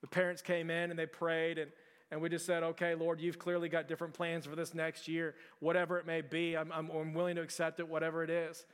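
A man's voice: fairly high pitch, completely flat delivery, brisk, smooth, long reverb tail. A man in his forties from Texas, preaching a sermon as pastor in a conversational storytelling way, often restarting his sentences.

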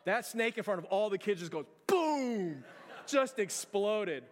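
Middle-aged man, pastor type, lively storyteller with a higher voice, preaching in a church with a long echo. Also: normal speed. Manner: animated storytelling, acts out scenes in raised voice. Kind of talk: sermon. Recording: long church hall reverb.

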